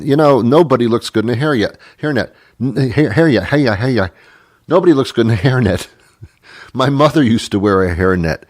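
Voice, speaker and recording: A man's voice: on the low side, no room sound, studio quality. A middle-aged man hosting a radio show, delivering a rambling, wry comedic monologue with many restarts. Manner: rambling, self-interrupting, wry.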